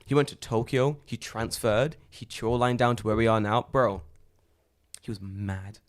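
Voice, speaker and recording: A man co-hosting a podcast, telling stories in a loose, animated way and swearing often. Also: mid-range voice, unhurried. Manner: animated storyteller, swears a lot. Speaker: podcast co-host. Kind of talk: casual chat.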